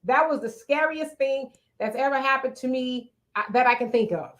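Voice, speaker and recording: A middle-aged woman co-hosting a casual talk show, telling a story in an animated, dramatic way. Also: high-pitched, normal speed. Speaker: co-host.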